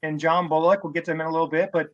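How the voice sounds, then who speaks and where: A man's voice: a little high, little pitch movement, very fast, a bit bright, muffled recording. A man guesting on a podcast, giving his opinion in earnest casual chat.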